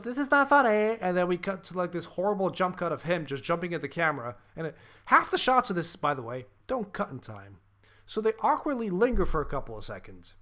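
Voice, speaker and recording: A man's voice: fairly high pitch, bright, forceful tone. A man hosting a podcast, ranting profanely and animatedly about a film in casual chat, with lots of fillers. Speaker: podcast host.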